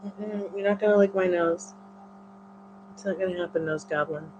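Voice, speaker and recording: A woman's voice: on the low side, fairly even intonation, normal speed, background noise. A woman hosting a live tarot stream who chats casually and coos playful baby talk to her dogs. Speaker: tarot reader and livestream host. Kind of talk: casual livestream chat.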